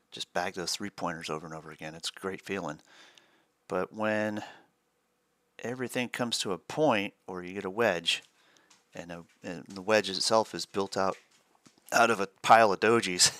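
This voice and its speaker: Lowish bright guy on a trading stream, laid back, laughs a lot, dry close mic. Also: no room sound. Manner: relaxed, chuckles often, explains chart setups. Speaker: day trading stream co-host. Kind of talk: casual live-stream chat.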